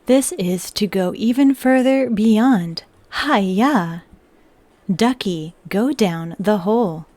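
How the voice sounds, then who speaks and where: A woman putting on a stiff robot voice, speaking commands slowly and flatly during a livestream voice game. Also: mid-range voice, no room sound. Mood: robotic.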